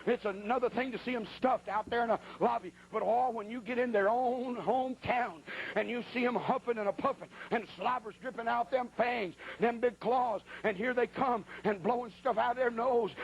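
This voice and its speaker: A man's voice: very high-pitched, gravelly, breathy edge, lo-fi sound. A man preaching in a church, telling a folksy, colloquial story as part of a sermon. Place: church at a pulpit.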